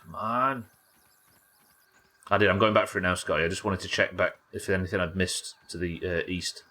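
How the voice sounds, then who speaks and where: A man's voice: low voice, fairly even intonation, a little fast, pushed and bright. An English man casually commentating a live game stream, wry and sweary, bantering with his viewers as he plays. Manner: wry, sweary, chatting to viewers while playing.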